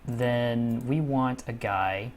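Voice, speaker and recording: Man, let's-play commentator, slow deliberate talk, casual cursing, frustrated outbursts. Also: mid-range voice, slight background noise. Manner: casual, swears freely, swings from muttering to frustrated outbursts. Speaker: gaming channel host.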